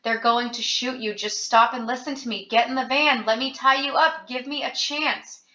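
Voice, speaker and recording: Woman voicing a desperate young man, pleading, high urgent voice, bright, echoey room. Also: fairly even intonation, normal speed. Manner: urgent, pleading, raised higher. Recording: roomy, dull lo-fi home recording.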